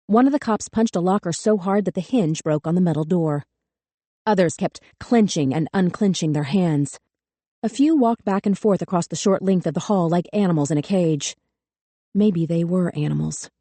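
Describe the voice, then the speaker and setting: Measured, grave woman narrator with a darker tone, dry close studio sound. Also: on the low side, dark tone, dry recording. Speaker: audiobook narrator. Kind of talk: scripted narration.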